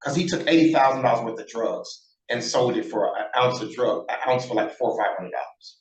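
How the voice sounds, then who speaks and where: A man in his sixties tells stories in a casual interview, blunt and profane, voicing every quoted line himself. His voice sits at a middling pitch. The recording carries a roomy echo. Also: a little fast. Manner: animated, acts out quoted dialogue, blunt and profane. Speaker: interview guest, former prisoner.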